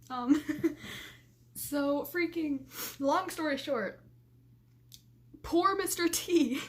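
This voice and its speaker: Young woman vlogger, high voice, casual and giggly storytelling. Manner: giggly, keeps breaking into laughter; fillers like "like" and "freaking".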